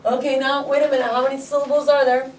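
A woman teaching a Spanish class, asking students questions and drawing words out slowly. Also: high-pitched, level tone, a little hiss or hum. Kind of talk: classroom lesson. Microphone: camera from across the room. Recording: echoey classroom from far off.

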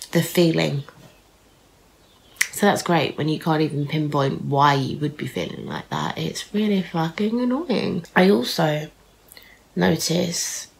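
A woman's voice: sits low, creaky, poor audio. A young British woman chatting casually to camera as a vlogger. She sounds nasal from a blocked nose and talks in a frank, rambling way, with many ums and some swearing. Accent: British English.

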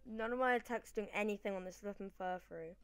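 A woman's voice: medium pitch, fairly even intonation, fast, clear, resonant tone, dry recording. A British woman rambling casually through gameplay commentary, often correcting herself mid-sentence. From Britain. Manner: chatty, rambling, self-correcting. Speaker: gaming channel host.

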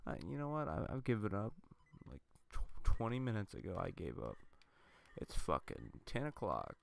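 Young guy doing a lets play, gravelly voice, lots of swearing, pitch all over the place. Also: huge pitch swings, normal speed, no echo. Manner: profane, rambling, easily frustrated. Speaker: let's play host. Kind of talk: let's play commentary.

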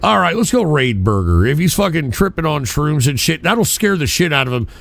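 Man, streamer, excitable, profane, high voice, swooping pitch. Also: a little fast, gravelly. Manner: excitable, loud outbursts, profane. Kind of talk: live stream reaction.

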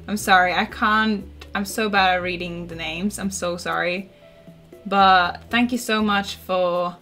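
A woman's voice: mid-range voice, pushed and bright. A woman, live-streaming a game in casual chat, reading dialogue aloud and poking fun at herself. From Norway. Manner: reads game dialogue aloud, chatty and self-deprecating.

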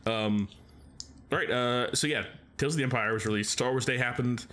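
A podcast co-host chats casually like an enthusiastic fan, rambling eagerly and using lots of filler words. His mid-range voice is brisk and fairly bright, with slight background noise.

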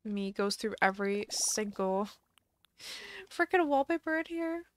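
A woman's voice: medium pitch, lively intonation, measured pace, smooth. A woman streamer chatting casually on a live game stream, thinking aloud and musing indecisively as she plays.

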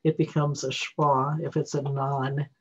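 A reading teacher walking through phonics rules during a screen-recorded software tutorial, thinking aloud and correcting themself along the way. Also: medium pitch, little pitch movement, measured pace, breathy edge. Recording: dull lo-fi recording.

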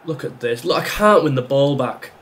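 With a mid-range, expressive and fairly bright voice at normal speed, a young gaming YouTuber delivers frustrated live commentary on his own football video game. He rants at the match, sarcastic and exasperated.

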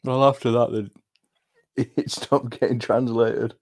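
A man's voice: medium pitch, little pitch movement, a little slow, darkish tone. A young man co-hosting a podcast, chatting casually and musing aloud with questions. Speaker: podcast co-host. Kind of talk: casual chat.

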